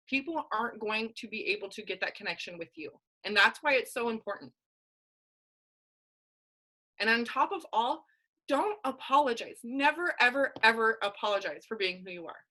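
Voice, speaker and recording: Young adult female fitness coach, casual and emphatic motivational speaker, crisp bright tone. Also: fairly high pitch, lively intonation, moderate pace, low-quality recording. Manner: candid, emphatic, casual slang. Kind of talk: motivational team call talk.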